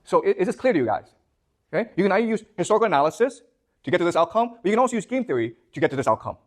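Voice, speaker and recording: A man with a high, sing-song voice gives a rapid-fire lecture to his class. He questions the students and checks in with them over and over, saying "okay? you understand?"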